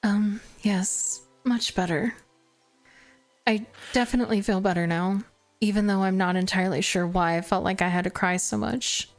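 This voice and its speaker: A woman streamer reading a visual novel aloud, narrating in first person with expressive, self-mocking asides. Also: mid-range voice, moderate pace, soft background music.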